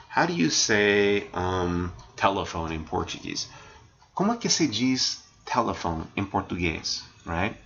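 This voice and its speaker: A man's voice: on the low side, a bit bright, muffled recording, a little hiss or hum. A man teaching a recorded slide lesson, explaining phrases one by one and asking "right?" after nearly every line. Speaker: language teacher.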